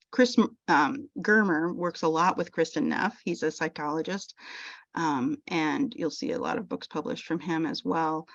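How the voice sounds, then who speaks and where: A woman chaplain teaching a talk on self-compassion in a gentle, unhurried way, often restarting her phrases. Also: lowish voice, dry recording. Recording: dull lo-fi dry sound.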